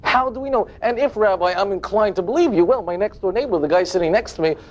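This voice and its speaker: High-voiced rabbi lecturing an audience. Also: male voice, fast talker, highs cut off. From United States. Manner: animated, sarcastic, asks the audience questions. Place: lecture hall.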